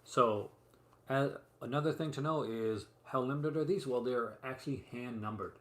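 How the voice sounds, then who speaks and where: A man's voice: medium pitch, moderate pace, a bit bright. Chatty man in an echoey room. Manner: chatty and rambling, many fillers and asides. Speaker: host showing physical media releases. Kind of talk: casual live-stream chat. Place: room at home. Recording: roomy echo, faint room noise.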